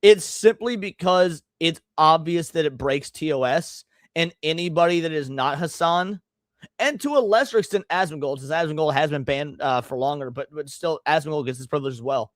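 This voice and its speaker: A man's voice: fairly high pitch, normal speed, dry recording, clean studio sound. A man hosting a live stream, reacting to clips with blunt, profane, emphatic rants. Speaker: streamer host.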